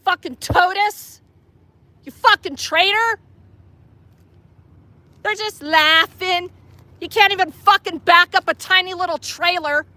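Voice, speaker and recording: A woman's voice: extremely high pitch, takes it slowly, long pauses, sharp tone, no echo. A woman filming police on a city street, heckling them in a profane, sarcastic way.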